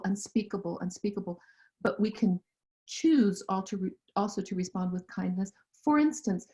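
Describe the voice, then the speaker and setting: Earnest woman with a mellow voice. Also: mid-range voice. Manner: earnest and impassioned. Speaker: guest. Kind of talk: interview conversation. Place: lives in Central Europe. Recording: dull, muffled audio.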